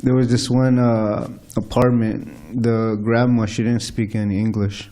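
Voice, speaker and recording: A man in a class audience telling a personal story in a casual, halting way, with plenty of fillers. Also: mid-range voice, fairly even intonation, dark tone. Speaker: devotee in the audience.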